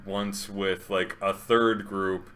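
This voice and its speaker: A man's voice: low voice, level tone, slow, fairly bright tone. A man who plays in a tabletop game, chatting casually, laughing often and hesitating with fillers. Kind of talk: casual podcast chat.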